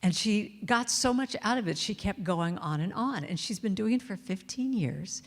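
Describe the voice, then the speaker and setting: A woman's voice: medium pitch, animated, normal speed. Chatty woman speaker in a reverberant hall. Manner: warm, chatty, playful, acts out quotes and sings snippets. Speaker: inspirational speaker and singer. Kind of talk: spiritual talk to a congregation. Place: large church hall. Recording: long reverb of a large hall.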